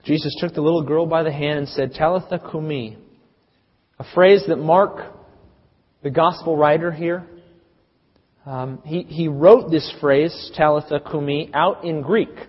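A man preaching a sermon, telling the story dramatically with big swings in loudness. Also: fairly high pitch, unhurried, breathy edge. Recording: dull sound with long reverb.

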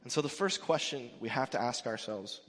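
A brisk, medium-pitched male pastor with a fairly bright tone preaches emphatically and conversationally, performing the quotes he brings up. His sermon rings through an echoey church sanctuary with long reverb.

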